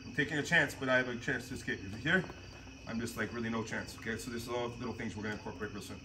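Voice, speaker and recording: A man's voice: medium pitch, very fast. Guy coaching jiu-jitsu on the mat, chatty and laughy, lots of background noise. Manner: casual, laughs often, animated storytelling. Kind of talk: mat-side technique teaching. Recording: noisy gym audio.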